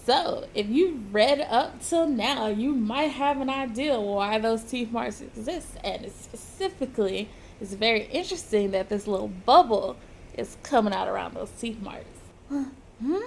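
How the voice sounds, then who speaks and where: A woman's voice: on the high side, moderate pace, creaky, slight background noise. A woman reviewing and reading a comic aloud in a chatty, casual way, laughing between remarks. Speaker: manga reviewer.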